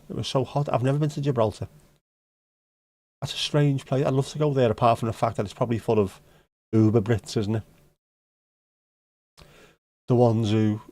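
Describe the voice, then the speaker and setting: A Scouse man from Liverpool hosts a livestream at home, his mid-range voice dark in tone and recorded dry. He casually responds to viewer comments, trading blunt, sweary banter and dry jokes.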